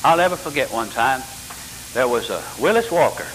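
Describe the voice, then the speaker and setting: An older man preaching a sermon as pastor, full of rhetorical questions and sudden jumps in pitch. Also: lively intonation, moderate pace, a bit bright. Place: church sanctuary. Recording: church hall reverb with faint hiss.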